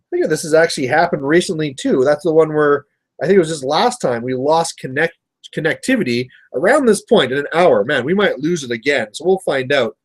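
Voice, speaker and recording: Casual Canadian male streamer, rambling storyteller, slightly raised pitch. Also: expressive, a little fast. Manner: rambling storyteller, chatty with viewers. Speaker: miniature painting livestream host. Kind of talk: casual chat while painting.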